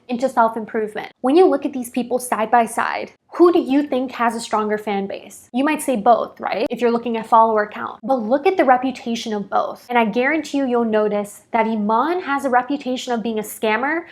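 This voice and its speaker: Animated woman explaining to the viewer. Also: on the high side, brisk, few pauses. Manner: direct, animated, addresses the viewer. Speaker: video host. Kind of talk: casual explainer to camera.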